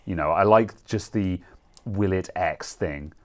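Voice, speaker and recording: A man with a very low voice co-hosts a relaxed tech chat. He rambles through his stories, full of fillers and quick laughs. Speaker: co-host. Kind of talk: casual chat.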